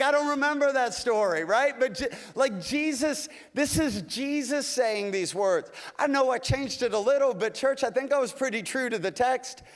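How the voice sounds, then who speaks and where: A male pastor delivering a folksy, animated sermon, acting out little asides as he goes. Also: very high voice. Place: church sanctuary. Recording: long reverb of a large hall.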